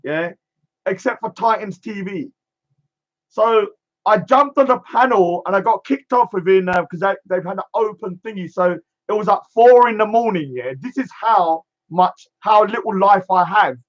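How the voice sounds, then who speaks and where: A man with a notably high voice rants in a scornful, emphatic monologue, hammering the same catchphrase over and over. The sound is dull and lo-fi. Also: normal speed. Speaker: streamer. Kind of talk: ranting monologue.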